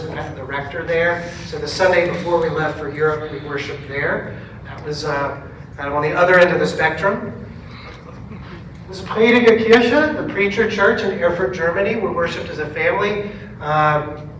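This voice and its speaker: Chatty pastor in an echoey room. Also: male voice, on the high side, a little hiss or hum. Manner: chatty storytelling, animated quoted dialogue. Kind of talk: casual talk to a church forum. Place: church meeting room. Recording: echoey room, mic at a distance.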